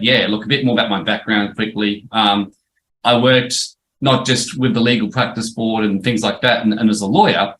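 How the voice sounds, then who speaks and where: A man's voice: lowish voice, fairly bright tone, slight background noise, rough recording. A middle-aged man, a former lawyer presenting a webinar course in a chatty, storytelling way. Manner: chatty storytelling, frequent restarts and "yep".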